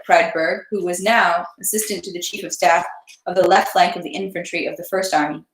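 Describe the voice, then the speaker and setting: A woman reading a classic novel aloud in a steady voice, then chatting casually about the story. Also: lowish voice, fairly quick. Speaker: read-aloud host. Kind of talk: literary narration, then casual chat. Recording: roomy echo.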